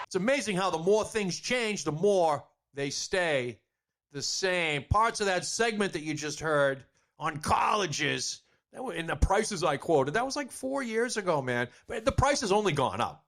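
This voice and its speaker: A man hosting a radio talk show, ranting loudly, breaking into yells and dropping into a whisper. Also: sits high, lively intonation, a little slow. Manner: loud, ranting, swings between yelling and whispering.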